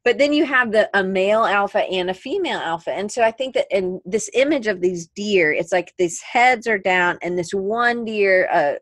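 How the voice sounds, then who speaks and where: A woman's voice: medium pitch, normal speed, few pauses, no room sound. A woman co-hosting a podcast in casual chat, rambling and correcting herself as she talks. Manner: chatty, rambling, self-correcting. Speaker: podcast co-host.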